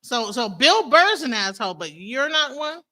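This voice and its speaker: High, bright-voiced woman streamer. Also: normal speed. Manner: animated, incredulous, talks to viewers as "bro" and "y'all". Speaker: stream host. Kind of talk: casual reaction commentary.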